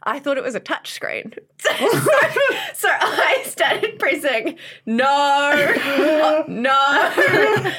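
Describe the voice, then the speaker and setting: A young woman co-hosting a casual podcast, telling stories with animated, laughing delivery. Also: high-pitched, drawn-out words. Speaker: podcast co-host. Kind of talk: casual chat.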